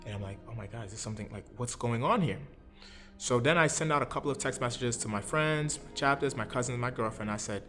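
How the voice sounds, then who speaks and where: A man's voice: mid-range voice, quick pace, fairly bright tone, faint music behind. A man in his thirties from Brooklyn, earnestly recounting a personal story step by step and acting out what others said. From Brooklyn, New York. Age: 30s. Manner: earnest, recounts events step by step, often acts out other people's words. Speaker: interview guest.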